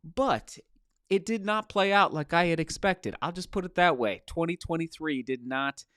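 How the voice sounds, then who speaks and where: A man's voice: fairly high pitch, normal speed, a bit bright, clear, resonant tone, dry recording, studio quality. A middle-aged man hosting a casual live Q&A stream from a motel room, greeting viewers by name in an upbeat way.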